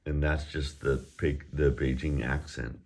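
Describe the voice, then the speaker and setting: Very deep-voiced, slow-talking male teacher. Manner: easygoing, drills words slowly and repeats them; relaxed chatty asides. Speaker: Chinese teacher. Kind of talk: recorded language lesson.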